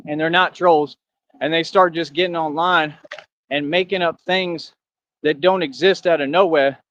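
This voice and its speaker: A man's voice: a little high, steady tone, normal speed, a bit bright, dry recording. A grown man hosting his own online show, ranting at critics in a confrontational way and dropping "right?" after his points. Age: adult. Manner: confrontational, repetitive "right?" asides. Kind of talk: casual ranting monologue. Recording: dull, dry lo-fi audio.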